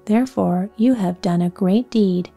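A dainty, dignified mouse queen from a bedtime storybook speaks in a hushed, unhurried voice, as a woman reads her part. The tone is mellow and dark. Faint music plays underneath. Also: medium pitch, vocal fry. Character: grateful proud little queen of field mice, female.

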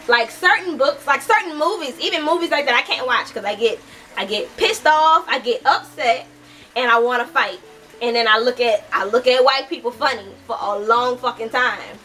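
Heated, bright-voiced young woman. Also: high-pitched, distant mic, rough recording. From United States. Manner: heated, swears often, animated. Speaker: book reviewer. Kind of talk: impassioned casual book review.

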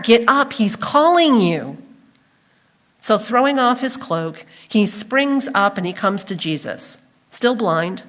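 A woman's voice: mid-range voice, fairly bright tone. A woman pastor delivering a sermon, telling the story expressively and acting out the crowd's voices. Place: church sanctuary.

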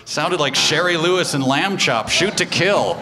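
Sarcastic male riffer, lively pitch. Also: normal speed, heavy background noise. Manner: sarcastic, mock-sheepish asides. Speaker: comedian riffing on a movie. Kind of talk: live comedy commentary. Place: theater stage before an audience. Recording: live theater with loud crowd.

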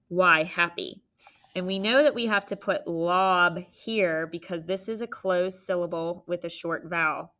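A woman teaching a phonics spelling lesson, spelling out letters slowly and patiently and checking answers with the class. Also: fairly low pitch, a bit bright, a little hiss or hum.

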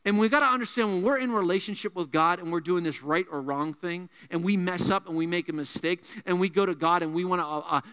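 A man preaching a youth sermon as pastor, emphatic and repetitive, dropping his voice low to land key points. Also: bright, forceful tone, clear, resonant tone, long reverb tail. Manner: emphatic, repeats key phrases, drops low on punch lines.

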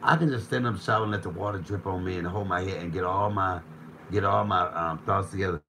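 A man with a fairly low voice runs a casual live cooking stream from his home kitchen. He reads out viewer comments, jokes freely and keeps the banter going. A faint bit of room ambience sits under his voice. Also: steady tone, quick pace, pushed and bright, a little hiss or hum, poor audio. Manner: playful, joking, chatty.

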